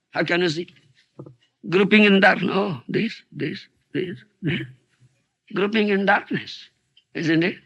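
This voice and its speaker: A man's voice: high voice, vocal fry, pushed and bright, breathy edge. An older man giving a spiritual lecture. He keeps asking his listeners "isn't it?" and "huh?", and he acts out little dialogues in a raised voice. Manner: rhetorical, asks "isn't it?" and "huh?" often. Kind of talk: sermon.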